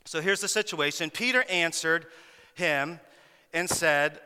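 Bright-voiced preacher in an echoey hall. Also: male voice, fairly high pitch, a little slow, clear, resonant tone. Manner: animated storytelling, repeats words for emphasis. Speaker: pastor. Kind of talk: sermon.

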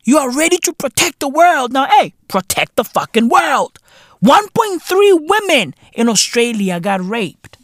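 Slow, sarcastic comic. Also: male voice, very high voice, very animated, fairly bright tone, dry recording, studio quality. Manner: drawling, sarcastic, heavy swearing, drops to whispers. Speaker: comedy podcast host. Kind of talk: profane satirical monologue.

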